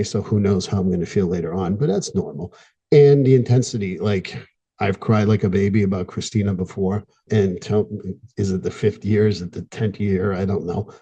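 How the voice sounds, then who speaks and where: A middle-aged man, a therapist hosting a podcast, talking in an earnest, candid way with frequent pauses. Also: sits low, mellow, slightly rough. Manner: earnest, candid, pausing, gets emotional at times. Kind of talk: reflective podcast monologue.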